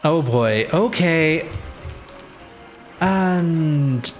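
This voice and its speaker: A man's voice: fairly high pitch, drawn-out words, soft background music. Man muttering through a game. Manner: relaxed, muttering to himself while playing. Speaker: streamer. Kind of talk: casual gameplay commentary.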